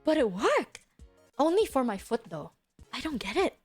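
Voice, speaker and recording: High, lively young woman streamer. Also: moderate pace, breathy edge, faint music behind. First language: not English. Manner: animated, swearing, dramatic retelling. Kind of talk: casual storytelling chat.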